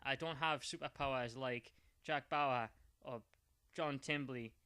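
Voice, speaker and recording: Man doing a shifty friendly buddy, plain read, bright and dry. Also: medium pitch, measured pace, smooth, no room sound. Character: shifty friendly male sitcom actor.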